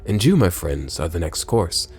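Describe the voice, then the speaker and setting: A man voicing a gruff, scheming male kidnapper with a hammy lilt while reading a game aloud. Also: deep voice, sing-song, moderate pace, a little mellow, pitched below the performer's own voice, full character voice. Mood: gloating.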